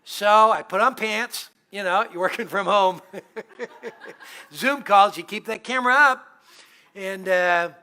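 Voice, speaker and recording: Bright-voiced middle-aged pastor telling stories. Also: male voice, high voice, takes it slowly, pauses often. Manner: humorous, anecdotal, conversational. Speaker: guest pastor. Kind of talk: storytelling sermon. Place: church.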